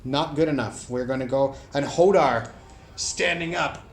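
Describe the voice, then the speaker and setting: A man narrating a solo tabletop game, rolling dice aloud and breaking into shouted play-by-play. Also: medium pitch, unhurried, faint music behind.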